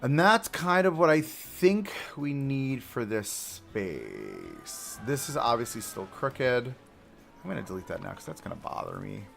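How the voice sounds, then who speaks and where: A man's voice: medium pitch, wildly swooping pitch, measured pace, vocal fry, fairly bright tone, soft background music. A young man chatting casually to a live audience while building in a game, talking to himself, joking and grumbling at the controls. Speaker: streamer building a theme park live. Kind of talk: casual live-stream commentary.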